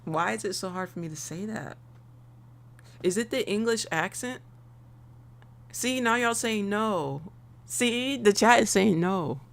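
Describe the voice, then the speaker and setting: American woman streamer, relaxed playful chat with viewers, a little gravel in the voice. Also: medium pitch, measured pace, pauses often. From United States. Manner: playful, chatty, often laughing, talks straight to the chat. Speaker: live-stream trading host. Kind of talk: casual live-stream chat.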